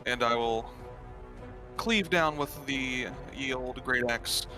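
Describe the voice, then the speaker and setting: A man's voice: medium pitch, takes it slowly. Casual man thinking aloud in a game. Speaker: player. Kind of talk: tabletop game play. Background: background music.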